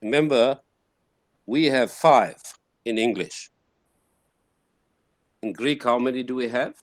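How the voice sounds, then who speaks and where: A man teaching a classroom lesson, sounding out words slowly syllable by syllable and repeating them. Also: medium pitch, no echo, studio quality.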